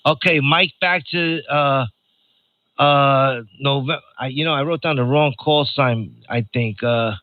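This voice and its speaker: A man's voice: medium pitch, slow, no room sound, narrow, tinny audio. An older man from New York hosting a ham radio net in chatty, joking casual talk, reading out call signs. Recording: noisy radio transmission.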